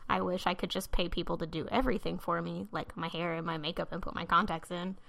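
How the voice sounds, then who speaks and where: A woman's voice: fairly low pitch, level tone, fast talker, gravelly, a bit bright. A woman in her late twenties co-hosting a podcast, chatting casually with friends and laughing often. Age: late 20s. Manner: chatty, giggly, storytelling. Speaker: podcast co-host. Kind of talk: casual chat.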